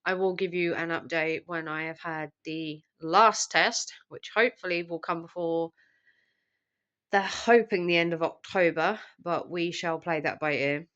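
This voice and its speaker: A young woman with a low voice talks to camera while she is sick with the flu. She sounds tired and drained, and she rambles with lots of ums. Her illness wears on her voice throughout. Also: steady tone, unhurried, fairly bright tone, lo-fi sound. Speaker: vlogger. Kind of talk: casual catch-up vlog.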